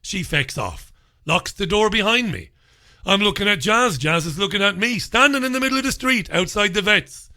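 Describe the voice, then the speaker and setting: Sardonic radio host, bright voice. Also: male voice, high-pitched, normal speed. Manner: animated, swearing, sardonic. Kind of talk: comic storytelling monologue. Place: radio studio.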